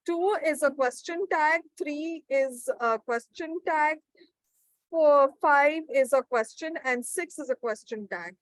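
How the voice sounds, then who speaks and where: A woman's voice: sits high, a bit bright, no room sound, rough recording. A woman teaching an interactive online grammar session. She reads out participants' answers and praises them. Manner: encouraging, reads out participants' replies. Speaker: webinar trainer.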